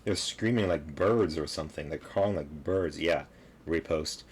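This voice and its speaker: A man's voice: extremely low pitch, moderate pace, background noise. A man giving casual reaction commentary on a video clip, laughing and mocking, rambling with lots of fillers.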